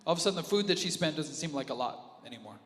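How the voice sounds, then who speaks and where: A male pastor preaching an animated sermon, dropping to a hush and then rising loud again. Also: a little high, rapid-fire. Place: church auditorium with reverb. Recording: live church audio with long reverb and music underneath. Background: worship music.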